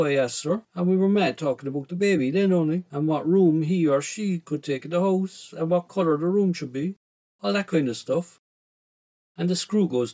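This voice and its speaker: A man with an Irish accent narrating a first-person story in a rough, slangy teenage voice. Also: a little high, a little fast, a little mellow.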